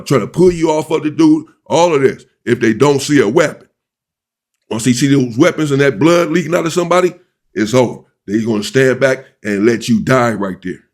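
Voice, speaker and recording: Man, fairly high voice, slow deliberate storytelling, repeats himself for emphasis. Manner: deliberate, repeats and restates points. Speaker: former inmate recounting a prison riot. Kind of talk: first-person storytelling.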